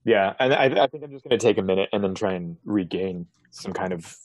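A man playing in a tabletop game who talks casually and asks tentative questions. His voice sits a little low. The sound is close and dry. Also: brisk, no room sound. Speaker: player.

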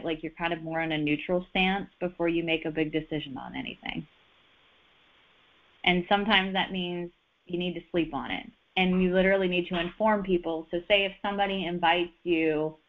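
A woman giving a casual personal reading, chatty and full of fillers and restarts. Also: on the low side. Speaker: human design reader. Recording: dull lo-fi sound.

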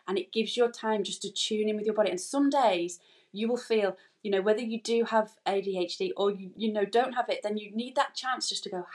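A woman breath work instructor, a podcast guest, talking earnestly in loose, rambling sentences and voicing imagined inner thoughts. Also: medium pitch. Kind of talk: casual interview chat.

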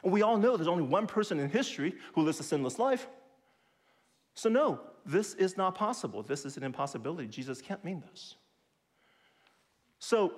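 A man's voice: high-pitched, very animated, moderate pace, long pauses. A middle-aged male pastor giving a sermon in a conversational, emphatic way, with self-deprecating humor.

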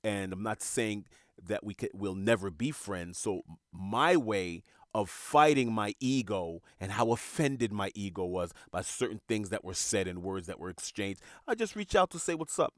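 Brief: earnest male podcaster musing alone, lowish voice, halting repeats. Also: no echo, clean studio sound. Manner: earnest, repeats words when searching for them. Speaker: podcast host. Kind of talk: reflective monologue.

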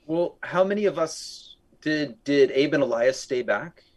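A man's voice: a little high, lively intonation, measured pace, darkish tone. A man playing a tabletop game, chatty and eager, cutting in with questions and tips. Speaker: player.

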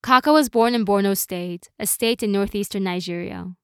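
A woman hosting and narrating a short documentary in an even, scripted delivery. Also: mid-range voice, normal speed, clean tone, no room sound, studio quality. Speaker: host and narrator.

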